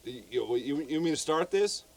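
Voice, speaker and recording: A man's voice: on the high side, animated, moderate pace. A Southern man co-hosting a podcast, telling a true crime story in a loose, rambling way. He stumbles over repeated words and swears freely.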